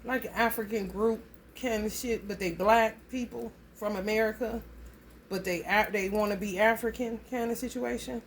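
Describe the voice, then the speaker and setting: A woman's voice: on the high side, steady tone, normal speed, slight background noise. Blunt, profane woman doing a casual reading. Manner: loose, rambling delivery. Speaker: astrology reading vlogger. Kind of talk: casual spoken reading to viewers.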